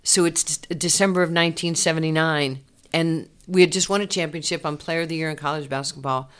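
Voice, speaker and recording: A woman, a former athlete telling her life story in an interview, animated and laughing often. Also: low-pitched, fairly quick, clean tone. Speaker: interview guest, former basketball player. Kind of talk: candid personal storytelling.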